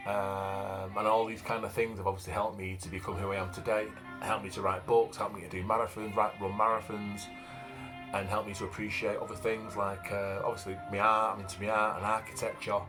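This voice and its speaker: Brisk and flat in delivery, with a voice on the low side, a fifty-something vlogger and author from Manchester, England, talks about himself. His broad Manchester accent shapes a plain-spoken, casual monologue full of fillers, set against faint background music.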